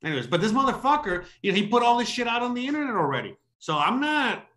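A man telling a story in casual chat. He rambles, swears a lot, keeps saying "you know what I mean", and acts out heated quotes with sudden loud, high bursts. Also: very animated, quick pace. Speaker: expat services provider telling a story.

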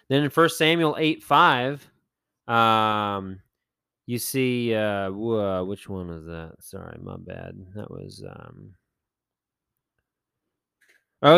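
A man's voice: mid-range voice, a bit bright, clean tone, dry recording. A man hosting a podcast, casually talking through Bible stories and acting out the characters in playful voices, with plenty of fillers and self-corrections. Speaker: podcast host.

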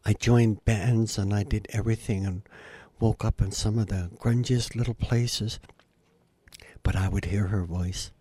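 A guest storyteller and musician, an older man, tells a heartfelt story in an interview with no room sound behind him. His voice is mellow with a breathy edge, steady and unhurried. He's earnest, and his pitch and volume rise at the emotional peaks.

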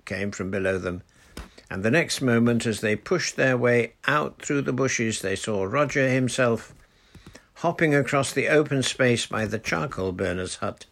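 A man reading a children's adventure story aloud in a measured storytelling manner. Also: medium pitch, vocal fry, fairly bright tone. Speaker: audiobook narrator. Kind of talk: storybook narration.

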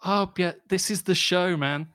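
A man's voice: high voice, measured pace, fairly bright tone, clean tone, no echo, clean studio sound. A man co-hosting a podcast, ranting and swearing in casual chat. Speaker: podcast co-host.

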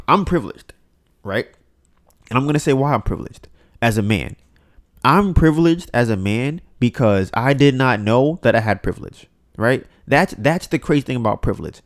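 A male podcast host delivers an animated, ranting solo talk. His voice is mid-pitched and he speaks casually, now and then slipping into quoted voices of other people. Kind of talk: casual opinion monologue.

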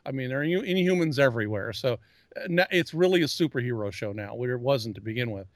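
A man's voice: medium pitch, expressive, fast, no echo. Geeky guy rambling on a podcast, keeps restarting, dry close mic. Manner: rambling, repeats words and restarts often; self-described geek. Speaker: podcast co-host. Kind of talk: casual chat.

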